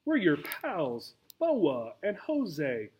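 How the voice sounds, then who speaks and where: A man voicing a slow, dim-witted male corn snake, talking in a drawn-out sing-song. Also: fairly high pitch, wildly swooping pitch, darkish tone, breathy edge, full character voice. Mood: friendly.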